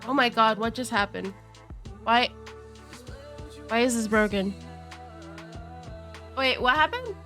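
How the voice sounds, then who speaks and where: A young woman streaming live, chatting casually to viewers, giggly and excitable, with a cold and chewing cough drops. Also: fairly high pitch, takes it slowly, long pauses, faint music behind. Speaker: VTuber streamer.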